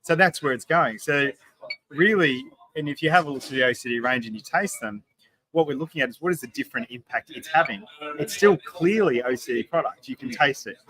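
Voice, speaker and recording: A man's voice: mid-range voice, lively intonation, brisk, a bit bright, poor audio. An Australian man, a craft distiller, explaining in an emphatic, chatty way with the odd swear word, recorded at a distillery bar. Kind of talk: casual podcast chat.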